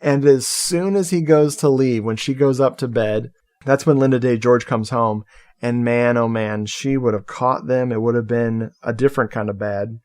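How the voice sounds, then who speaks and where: A man's voice: mid-range voice, moderate pace, a little mellow, no echo. A man co-hosting a podcast, recapping a horror film in casual chat and laughing at his own jokes. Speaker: podcast co-host.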